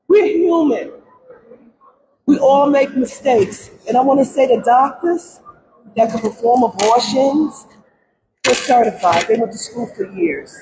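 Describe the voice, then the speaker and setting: Her voice is a little high, slow, and full of pauses as this grieving middle-aged grandmother makes an emotional plea at a press conference. She cries and repeats her words frequently, with a crowd heard in the background.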